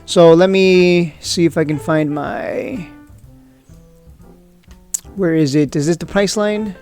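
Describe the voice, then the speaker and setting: A man hosting a stock trading video, talking casually and excitably, whooping and throwing out rhetorical questions. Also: fairly high pitch, slow pace, soft background music. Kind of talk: casual market commentary.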